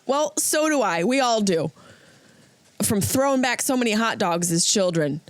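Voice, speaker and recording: A woman's voice: a little high, animated, normal speed, no echo. Riffing woman comic, dry close sound. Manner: riffing, slips into silly voices. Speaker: comedian and podcast host. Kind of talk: comedic monologue.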